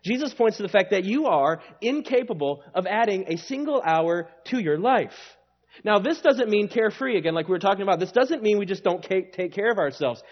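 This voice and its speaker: A male pastor delivers a sermon with a high, very lively voice that swings up and down. He preaches in an emphatic, conversational way. The recording sounds slightly dull and lo-fi. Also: a little fast.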